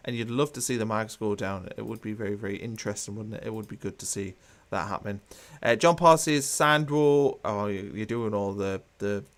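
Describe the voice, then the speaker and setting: A man with a fairly low voice hosts a live football watchalong. He talks casually and with strong opinions, restarting sentences and filling pauses as he reads comments aloud. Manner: opinionated, chatty, many fillers and restarts.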